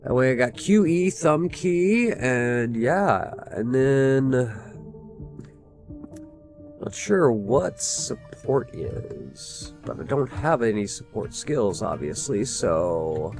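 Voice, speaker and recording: A man talking through a video game as he plays, musing aloud in a loose, rambling way and often stopping to restart his sentences. His voice sits at an ordinary middle pitch, and soft game music runs quietly underneath. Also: very animated, slow pace, few pauses. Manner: thinking aloud with many fillers and restarts. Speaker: gameplay commentator. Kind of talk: casual let's-play commentary.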